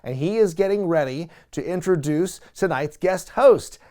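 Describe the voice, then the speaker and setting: Guy doing a wry recap chat, smooth clear voice, a bit high, laughs a lot. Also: animated, moderate pace, dark tone. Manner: wry, chatty, laughing at the show. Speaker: host of a wrestling recap show. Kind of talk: casual recap commentary.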